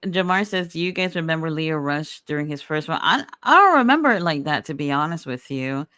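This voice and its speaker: Smooth-voiced woman host, dry close sound. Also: low voice, fairly quick, dry recording. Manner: animated, blunt, swears freely. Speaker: podcast host. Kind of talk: casual wrestling chat.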